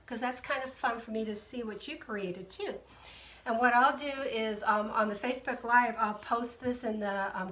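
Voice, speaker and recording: A woman's voice: on the high side, bright, forceful tone, reverberant, recorded from a distance. A woman hosting a live craft tutorial, talking viewers through each step in a chatty way and greeting them by name. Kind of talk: casual live craft demonstration.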